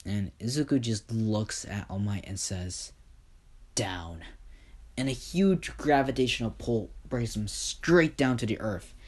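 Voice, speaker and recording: A man's voice: mid-range voice, a little slow, few pauses, a little mellow. A man casually telling a fan-fiction story, rambling with lots of fillers.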